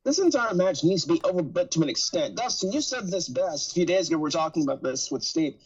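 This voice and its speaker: Husky animated man hosting a podcast. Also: a little high, highs cut off. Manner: animated, fast, talks over others. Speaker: podcast host. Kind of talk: casual podcast chat.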